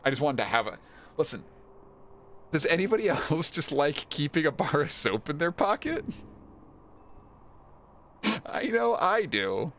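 A man's voice: fairly high pitch, big pitch swings, moderate pace, a bit bright, slight background noise. A man streaming a video game, joking and rambling casually as he plays and reads the game's text aloud. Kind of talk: casual let's-play commentary.

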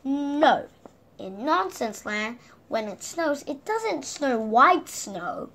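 A woman reading a picture book aloud to children in an animated way, asking the listener questions along the way. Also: high-pitched, slow pace. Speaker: children's story reader.

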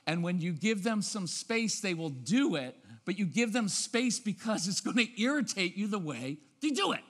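A man giving a lively talk on parenting, often acting out parents' voices and checking with the audience. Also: high voice. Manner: lively, acts out parents' voices, keeps asking "right?". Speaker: parenting speaker. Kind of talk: animated seminar talk. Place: church auditorium. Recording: long reverb of a large hall.

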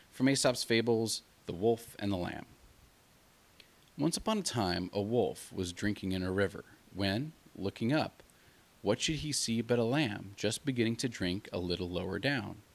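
A low-voiced man narrates a bedtime fable in a gentle, measured way. He reads calmly and evenly as a storyteller for children. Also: gravelly. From United States.

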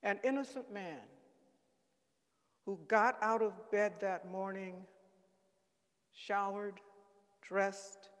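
A man giving a solemn, dramatic reading at a church service. He speaks gravely and deliberately and leans on key words. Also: high voice. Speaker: reader at a Good Friday service. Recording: long church reverb.

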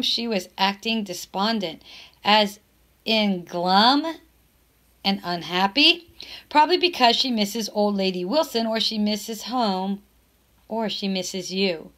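A woman's voice: medium pitch, measured pace, a bit bright, close to an everyday voice. A woman voicing a loyal, chatty young girl writing to her best friend, reading the letter in an earnest, friendly tone. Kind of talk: reading a letter aloud from a novel.

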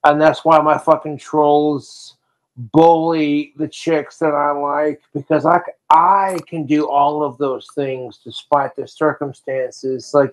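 Male streamer, profane rant, slightly high voice, unhurried. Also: flat delivery. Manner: profane, ranting, drinking on stream. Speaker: livestreamer. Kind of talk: livestream rant.

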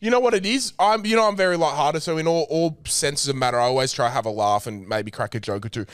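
A man's voice: on the high side, fast, smooth, dry recording, studio quality. A young Australian man co-hosting a podcast, chatting casually and swearing freely in a lighthearted way. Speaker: podcast co-host. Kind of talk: casual chat.

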